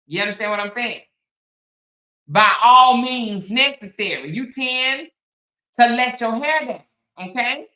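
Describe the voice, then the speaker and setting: Female host, sassy and emphatic, bright voice in a roomy space. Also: on the low side. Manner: sassy, emphatic, talks back to chat. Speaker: commentary show host. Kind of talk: casual commentary stream.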